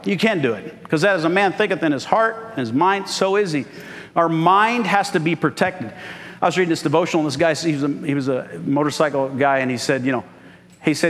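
A man's voice: a little high, a little fast, a bit bright, in a large hall. A man pastor preaching a sermon, calling out for "Amen" from the congregation. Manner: call-and-response preaching, frequent "Amen?". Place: church sanctuary.

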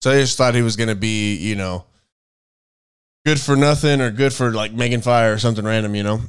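A man co-hosting a casual faith-based chat, rambling and thinking out loud as he searches for words. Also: fairly low pitch, a little fast, clean tone. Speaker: podcast co-host.

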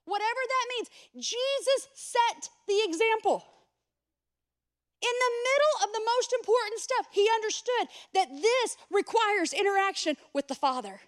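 High-voiced woman pastor preaching. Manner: casual, conversational preaching with humorous asides; addresses the congregation directly. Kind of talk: sermon.

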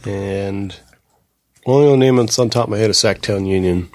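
A man co-hosting a podcast, chatting casually with relaxed, wry storytelling. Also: lowish voice, moderate pace, no echo. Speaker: podcast co-host. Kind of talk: casual chat.

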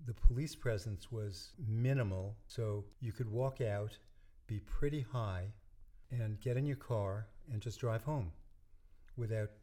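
An older man who is both a musician and a dentist chats casually as an interview guest. He tells stories in a relaxed, somewhat slow way with a lowish voice, often letting his sentences trail off softly.

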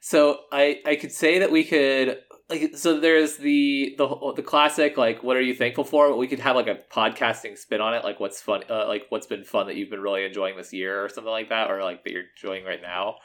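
A man's voice: mid-range voice, little pitch movement, brisk, fairly bright tone. Podcast guy, hedges everything, kinda hesitant, jokes around a lot. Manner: hesitant, hedging, playful. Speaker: podcast co-host. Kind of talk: casual podcast chat.

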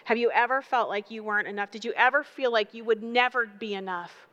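A woman preaching a sermon, building emphatic repeated phrases and telling animated stories. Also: fairly high pitch, a little fast, muffled recording. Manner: animated storytelling with acted voices.

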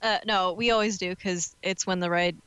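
A woman chatting casually, laughing often and reacting warmly to a friend's stories. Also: lowish voice, fairly even intonation, normal speed, clean tone, dry recording, dull audio. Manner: laughs often, supportive listener. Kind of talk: casual chat.

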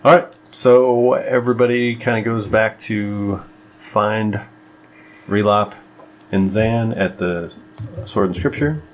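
A man's voice: lowish voice, steady tone, slow pace, a little hiss or hum. A man narrating as game master in a casual, rambling way.

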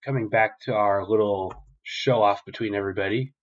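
A young male podcast host retells a story in a loose, rambling way and swears often. His voice sits fairly low, and the recording is dull and lo-fi. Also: brisk. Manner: rambling, profane, animated retelling. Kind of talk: casual episode recap.

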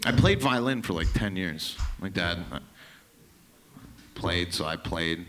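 A young male comedian from Canada on a club stage, talking into a handheld mic. His pitch swings all over as he riffs, swears freely and drops into put-on voices to mock people. The tone is bright and forceful. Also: lively intonation, takes it slowly. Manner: profane, loose and riffing, slipping into mocking voices. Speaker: stand-up comedian. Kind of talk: stand-up set with crowd work.

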